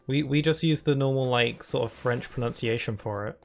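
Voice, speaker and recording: A man's voice: medium pitch, a little fast, creaky, faint music behind. A British man chatting casually while streaming a video game, laughing often and reading chat and on-screen text aloud. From United Kingdom.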